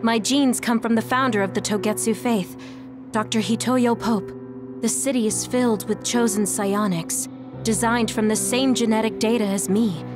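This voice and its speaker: A woman's voice: fairly high pitch, fairly even intonation, normal speed, close to an everyday voice. A woman voicing a composed young clone girl. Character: composed young female clone, formal and polite. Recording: game audio with music behind.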